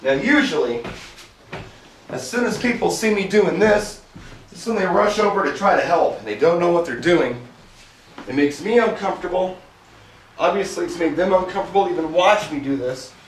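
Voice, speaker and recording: A mobile DJ demonstrates his gear, chatting to himself as he sets it up with mild humor and getting a little out of breath from the lifting. His voice sits high and animated at normal speed. The room is echoey, the mic far off, with faint hiss.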